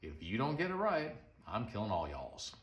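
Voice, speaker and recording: A man's voice: on the low side, huge pitch swings, normal speed. A preacher playing a blunt, demanding ancient king. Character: imperious, impatient ancient king, male. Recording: roomy echo.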